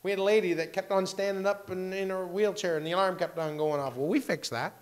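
A male pastor preaching a sermon in a church over a microphone. He rambles with self-mocking humor, and his loudness swings from hushed asides to loud bursts. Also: high voice, steady tone, quick pace.

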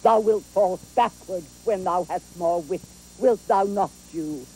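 A woman's voice: lowish voice, a little slow, warm tone, a little hiss or hum, close to an everyday voice, poor audio. An actress playing a garrulous, fond old female nurse in a theatrical Shakespeare performance, rambling and chuckling as she talks. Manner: rambling, chuckling, swooping delivery.

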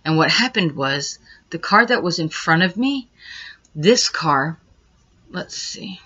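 A woman's voice: lowish voice, expressive, takes it slowly, bright, forceful tone, husky. A woman vlogger rambling through a first-person account step by step, growing agitated as she retells it. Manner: rambling, retraces events step by step, grows agitated. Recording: dull lo-fi recording.

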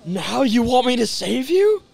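A man voicing a cruel, mocking dark twin of a young woman in a video game, with a taunting surfer drawl. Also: very high-pitched, sing-song, unhurried, creaky, pitched above the performer's own voice, full character voice. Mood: sneering. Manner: sneering, taunting line reading, surfer drawl.

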